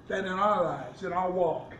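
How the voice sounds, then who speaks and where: A man's voice: high-pitched, moderate pace, a bit bright, echoey room, far from the mic, lo-fi sound, a little hiss or hum. A man, a pastor, preaching a sermon with rising fervor and repeated restarts.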